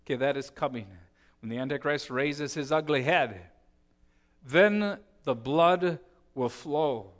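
A man preaching a sermon, telling the story with swings from hushed, slow lines to emphatic ones. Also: fairly high pitch.

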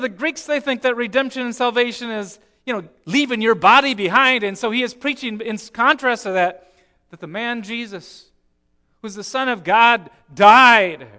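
Guy preaching a sermon, really high bright voice, storyteller, goes quiet then punches it. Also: clean tone. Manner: storytelling, swings from hushed to emphatic.

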